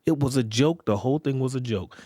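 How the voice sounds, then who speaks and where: A man's voice: medium pitch, brisk, warm tone, dry recording, clean studio sound. A man hosting a podcast, talking in a casual, rambling, profane monologue and often checking in with his listeners. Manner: rambling, profane, repeats "you get what I'm saying". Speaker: podcast host.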